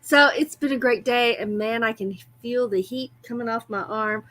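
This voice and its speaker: A woman's voice: on the high side, moderate pace, a bit bright. A woman hosting a casual livestream, chatty and often breaking into laughter. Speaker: livestream host.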